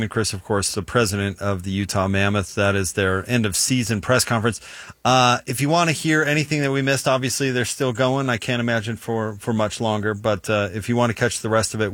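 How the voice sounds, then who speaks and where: Joking sports radio host, dry studio sound. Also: male voice, lowish voice, a bit bright, dry recording. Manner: joking, conversational. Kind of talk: casual radio chat.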